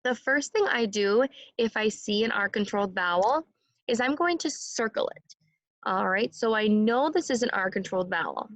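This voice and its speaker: A woman teaching a second grade phonics lesson, sounding out words slowly and clearly and having the class repeat after her. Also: mid-range voice, animated, a bit bright, no echo, low-quality recording.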